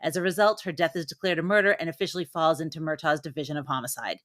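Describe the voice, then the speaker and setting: Low-voiced woman recapping a movie plot. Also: very fast, no echo, clean studio sound. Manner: steady recap narration. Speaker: podcast co-host. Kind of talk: reading a plot recap, then casual chat.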